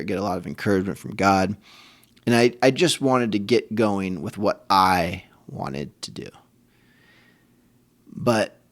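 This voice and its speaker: A man hosting a faith podcast for fathers, telling a personal story in a candid, self-deprecating, conversational way. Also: low-pitched. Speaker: podcast host.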